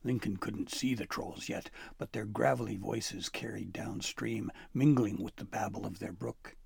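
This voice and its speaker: Guy reading a kids' fantasy story, gravelly and husky, dry close sound. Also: on the low side, unhurried, dry recording. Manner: expressive, dropping to a whisper for tense moments. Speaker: narrator. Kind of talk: storybook narration.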